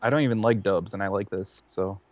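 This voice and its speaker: A man co-hosting a casual game podcast, measured and matter-of-fact. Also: fairly low pitch, darkish tone, muffled recording. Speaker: podcast co-host.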